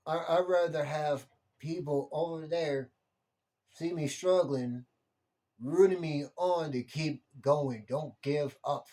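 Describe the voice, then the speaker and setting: A man's voice: a little high, takes it slowly, mellow. A young man delivering an impassioned monologue rant, heated and repetitive, swearing freely.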